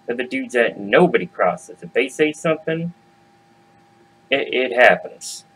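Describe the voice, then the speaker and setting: A man telling a comic story in a relaxed, slangy way, talking straight to his listeners. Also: mid-range voice, measured pace, slightly rough, poor audio. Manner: laid-back, slangy, talks to audience.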